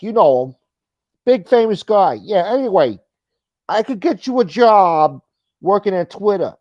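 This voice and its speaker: A man's voice: high-pitched, darkish tone, dry recording, highs cut off, voice pushed up. A man putting on the voice of a boastful, rambling, dim-witted grown man who drawls and mocks himself. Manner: slow, drawling, self-mocking, profane.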